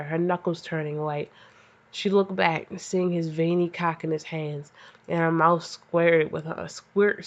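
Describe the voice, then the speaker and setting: A woman hosting a comedic fan fiction reading, stumbling over the text and breaking off into profane, self-mocking asides. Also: on the low side. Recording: slightly dull lo-fi audio.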